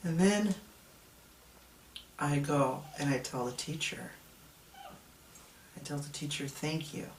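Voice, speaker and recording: A man's voice: on the high side, expressive, takes it slowly, pauses often, a little hiss or hum. A man in his thirties telling his own story in a reflective, confessional way. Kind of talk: personal testimony vlog. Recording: echoey room, mic at a distance.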